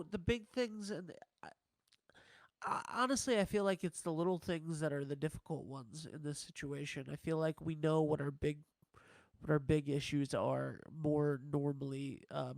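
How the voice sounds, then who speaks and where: A man with a somewhat high, gravelly voice chats casually on a podcast. The sound is dry and close, and he throws questions to his co-host. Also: darkish tone, no room sound. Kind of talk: casual chat.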